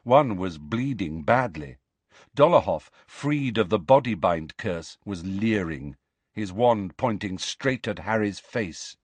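Man, audiobook narrator, dramatic storytelling, lively intonation, unhurried, dry close recording. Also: fairly low pitch, breathy edge, no echo.

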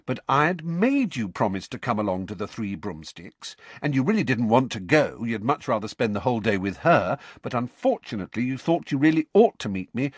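A man's voice: medium pitch, slightly rough, no room sound, pitched above the performer's own voice. A man voicing a clever teenage girl who explains things with a maddeningly patient air. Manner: patient, lecturing.

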